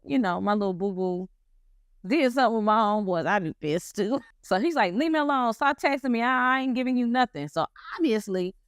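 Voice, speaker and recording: A woman's voice: mid-range voice, dry recording. Slangy woman telling a story, dry sound. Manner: slangy, animated retelling with acted quotes. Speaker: commentary host. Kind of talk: casual storytelling commentary.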